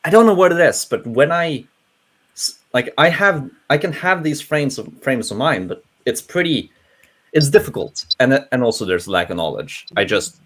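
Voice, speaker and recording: Lively Norwegian-accented man chatting. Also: mid-range voice, normal speed. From Norway. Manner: animated, chuckling, trails off and restarts. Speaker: panel guest. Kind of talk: casual panel chat. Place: online voice panel.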